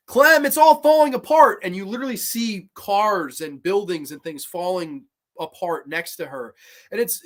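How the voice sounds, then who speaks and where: Male vlogger, somewhat high voice, heartfelt rambling movie talk with restarts and swearing. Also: a bit bright. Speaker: movie review channel host. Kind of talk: casual spoken movie commentary.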